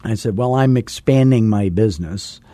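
A man with a low, mellow voice hosts a real estate coaching podcast. He tells a jokey anecdote in a casual way and voices both sides of a phone call. The recording is dry and close. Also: normal speed, dry recording.

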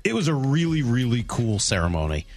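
A man co-hosting a sports radio show, joking and asking questions in a lively, chatty way. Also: mid-range voice, brisk, faint music behind. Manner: animated, joking. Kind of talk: casual radio chat.

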